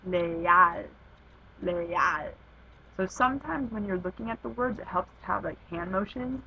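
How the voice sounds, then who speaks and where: A woman explaining language lessons in a casual, hesitant way, with many pauses and fillers. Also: on the high side, gravelly. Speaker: Spanish teacher. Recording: dull lo-fi sound with faint background noise.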